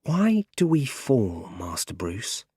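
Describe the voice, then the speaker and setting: A loyal male butler speaking calmly and patiently, read by a male audiobook narrator. He talks slowly, close to a dry microphone. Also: fairly low pitch, breathy edge, no echo, exaggerated voice. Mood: gentle. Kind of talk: audiobook character reading.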